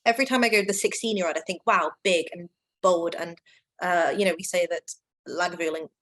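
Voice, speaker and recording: Gushing, lively-talking woman. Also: on the low side, quick pace, rough recording. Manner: enthusiastic, gushing, many fillers. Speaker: whisky brand ambassador. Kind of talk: casual online tasting chat.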